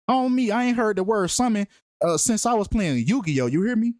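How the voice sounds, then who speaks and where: A man's voice: high voice, lively intonation, brisk, a little mellow, no room sound. Slangy man with a dry, close sound. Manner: slangy, emphatic, repeats phrases for effect. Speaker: true-crime numerology commentator. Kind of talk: casual profane commentary monologue.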